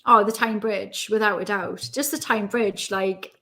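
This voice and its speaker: A woman's voice: medium pitch, fairly even intonation, bright, forceful tone. A woman in her thirties from the North East of England with a Geordie accent, chatting as a guest in a frank, joking way and laughing often. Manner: frank, jokey, quick to laugh. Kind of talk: casual chat.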